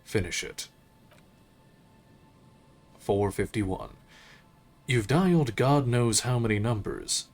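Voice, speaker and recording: A man streaming a game, reading its narration aloud in a measured, unhurried way with occasional slips. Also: fairly low pitch, lively intonation, creaky, darkish tone, soft background music.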